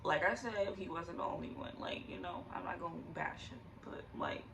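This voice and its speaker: Young adult woman, vlogger voice, gravelly and tearful, loose candid rambling, recorded from a distance with faint noise behind. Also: fairly low pitch, wildly swooping pitch, brisk, crowd noise. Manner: rambling, fillers, nervous laughter. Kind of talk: candid personal vlog.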